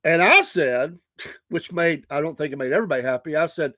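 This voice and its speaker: A man's voice: a little high, fairly quick, sharp tone, dry recording. A middle-aged man, hosting a casual livestream and telling stories with frequent laughter. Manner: chatty, laughs often. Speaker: host.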